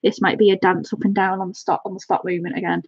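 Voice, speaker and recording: A woman chatting excitedly on a live stream, gushing and thanking her viewers by name. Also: medium pitch, fast, vocal fry, breathy edge, dry recording, highs cut off. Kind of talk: casual live-stream chat.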